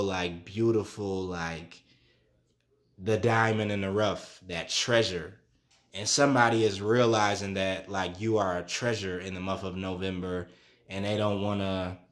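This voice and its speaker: A young man talks through a tarot reading in a relaxed, conversational way. He speaks in a somewhat low voice and rambles with plenty of fillers and little asides. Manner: chatty, loose, many fillers and asides. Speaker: tarot reader.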